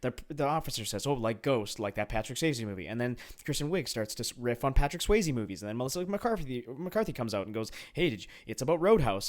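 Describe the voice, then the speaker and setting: A man's voice: mid-range voice, fast talker, few pauses. Exasperated man ranting about a movie. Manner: animated, exasperated, stammering restarts. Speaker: podcast co-host. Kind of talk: casual film review chat.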